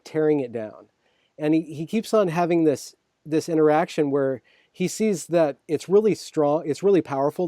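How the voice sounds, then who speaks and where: A man hosting a casual conversation, thinking out loud with many restarts and checking "right?" as he explains. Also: a little high, no echo, studio quality. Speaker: host.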